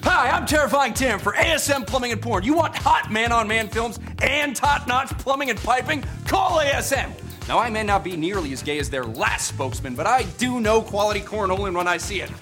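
A man playing a brash, shouting pitchman in a spoof advertisement, whooping and sing-song. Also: lively intonation, brisk, hardly any pauses, faint music behind, full character voice. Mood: hyped. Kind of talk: spoof radio ad.

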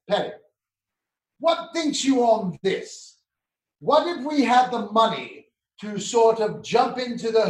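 Man, prissy, theatrical, genteel, video call, roomy echo. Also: high voice. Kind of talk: comic affected chat.

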